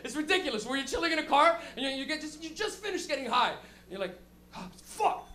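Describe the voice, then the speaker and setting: A man doing a profane, animated stand-up routine at an open mic, acting out characters as he goes. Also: very high voice, rapid-fire. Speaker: stand-up comedian. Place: comedy open mic in a crowded apartment.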